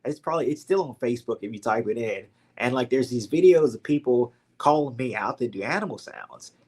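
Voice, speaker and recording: A man's voice: medium pitch, animated, brisk, darkish tone, husky. A young man from Louisiana with a Southern accent, a podcast guest telling his story casually and animatedly, full of "like" and "man". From Louisiana, USA.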